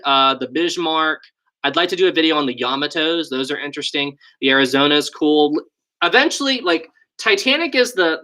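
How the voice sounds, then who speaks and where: Pitched on the high side, pushed and bright, a young West Virginian man chats his way through a casual live stream. He reads viewer questions aloud, answers them and thinks out loud, speaking into a desk USB mic.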